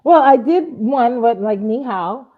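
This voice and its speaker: New lady tutor chatting on a podcast, animated, kinda muffled lo-fi audio. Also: unhurried. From New York. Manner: animated, acts out quoted speech in a higher voice. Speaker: Chinese tutor, guest. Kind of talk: casual interview chat. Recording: dull lo-fi audio.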